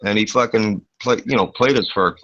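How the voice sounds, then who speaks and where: A man's voice: fairly low pitch, normal speed, no room sound. A man telling a rowdy anecdote in casual chat, swearing a lot and filling gaps with uh and you know. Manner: profane, lots of fillers, animated retelling. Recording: dull lo-fi dry recording.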